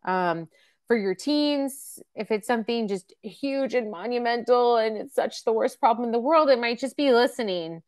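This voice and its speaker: A woman's voice: fairly high pitch, moderate pace, a little mellow. A woman in her thirties or forties presenting a parenting webcast, talking casually with lots of fillers and acted-out examples. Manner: chatty, with many fillers and acted-out example quotes. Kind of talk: casual teaching talk.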